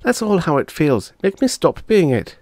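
A fussy, suspicious little girl turned chicken whines in a high, lively voice, as a man puts her on. She complains and pleads with every line. The storybook voice sounds close and dry. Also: moderate pace, no echo. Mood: whiny. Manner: whiny and complaining.

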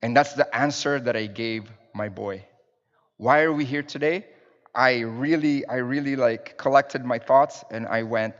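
A man's voice: mid-range voice, a little slow. A man in his thirties preaching a sermon as a minister, telling family stories in a conversational, storytelling way to the congregation. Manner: warm storytelling with fillers and restarts, addressing the congregation. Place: church sanctuary with pews. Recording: dull sound in a reverberant church hall.

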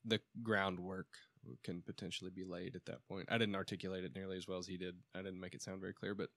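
Male co-host, low gravelly voice, loose rambling delivery, dry close sound. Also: level tone, quick pace, a bit bright, no room sound. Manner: rambling, self-correcting, restarts often. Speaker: podcast co-host. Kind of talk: casual chat.

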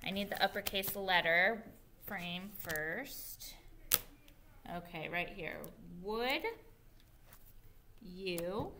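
A woman teacher giving an early reading lesson to young children, spelling words out slowly and praising them. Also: on the low side, steady tone, noisy background. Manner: slow, clear spelling aloud and encouraging praise. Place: school.

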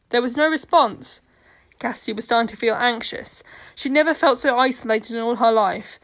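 Woman, narrator, storytelling reading, steady, earnest, slightly high voice. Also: normal speed.

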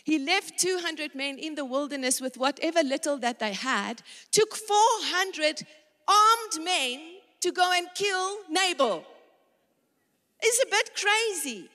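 A woman's voice: very high-pitched, lively intonation, takes it slowly, pushed and bright, in a large hall. A woman preacher giving a dramatic sermon, acting out the lines of the people in the story and talking straight to the women listening. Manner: dramatic, acts out the characters' lines; talks directly to women in the audience.

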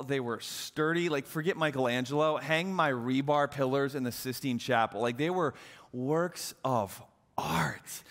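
A young adult man giving a sermon as pastor, an animated, self-mocking storyteller. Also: on the high side. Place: church auditorium. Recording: long hall reverb.

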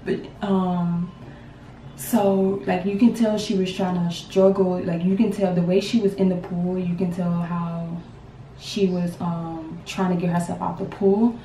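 A young woman in her twenties, a grieving mother telling her story to camera in a halting, repetitive, emotional way. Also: fairly low pitch, little pitch movement, warm tone, a little hiss or hum. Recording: roomy sound from a distance.

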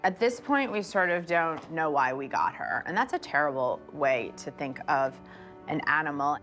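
A woman in a low-pitched voice earnestly explains a problem at home for a TV show. Music plays clearly beneath her. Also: animated, normal speed, a bit bright. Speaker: dog owner on a reality show. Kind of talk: TV confessional interview. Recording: TV clip with music underneath.

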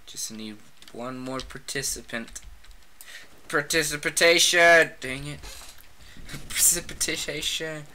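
A gamer giving casual, excitable commentary while playing a shooter, trash-talking opponents with frequent shouted outbursts. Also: mid-range voice, takes it slowly, long pauses, slight background noise.

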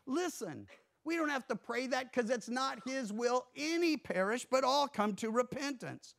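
High-pitched guy preaching in church, earnest, gets loud then goes real quiet. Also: lively intonation, measured pace, creaky. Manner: earnest preaching with emphatic rises and hushed drops. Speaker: pastor. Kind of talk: sermon.

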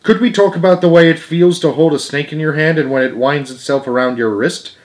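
A man's voice: on the high side, a little fast, darkish tone, pitched above the performer's own voice, natural voice. A man voicing an eager schoolboy in a storybook reading. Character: eager schoolboy asking about snakes.

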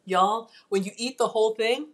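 A woman hosting a live-streamed cooking class from a home kitchen, chatty and excitable, talking straight to her viewers. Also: a little high, moderate pace.

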